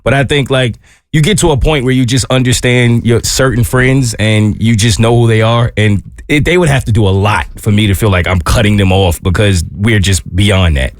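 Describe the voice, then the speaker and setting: A man co-hosting a radio talk show, talking in a calm, matter-of-fact way. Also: fairly low pitch, normal speed, no room sound, clean studio sound. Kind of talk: casual chat.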